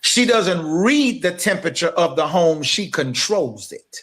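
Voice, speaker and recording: A man's voice: a little high, expressive, measured pace, fairly bright tone. A man co-hosting a talk podcast, speaking emphatically in a sermon-like way and addressing the listeners directly. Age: adult. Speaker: podcast co-host. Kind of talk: impassioned podcast talk, preacher-like.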